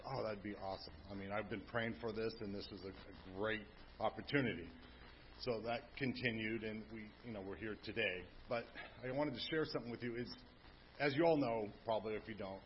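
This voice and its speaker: A man in his fifties, serving as family pastor, giving an emotional, earnest testimony to his church in a booming voice. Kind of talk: personal testimony. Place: church sanctuary. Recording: dull lo-fi church audio, faint hum.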